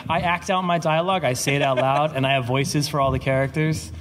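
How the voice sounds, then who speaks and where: A man's voice: on the high side, steady tone, fairly quick. A middle-aged man, a comic book writer, chatting casually on a convention panel, rambling with stammered restarts, swearing and laughing. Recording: reverberant hall with audible background noise.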